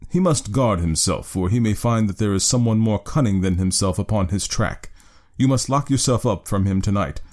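A man reading an audiobook, voicing a cool, calculating detective in a measured, clipped way. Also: lowish voice, expressive, darkish tone, natural voice. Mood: calm.

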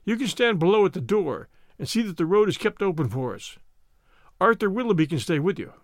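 A man voicing a surly, brutal male gang leader who barks gruff orders. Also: high voice, big pitch swings, fairly quick, no room sound, clean studio sound.

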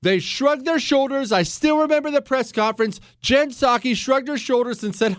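Heated high-voiced male radio host. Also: moderate pace, hardly any pauses, a bit bright, no room sound, studio quality. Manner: heated, emphatic, rhetorical questions. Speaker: radio talk show host. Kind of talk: fired-up political monologue.

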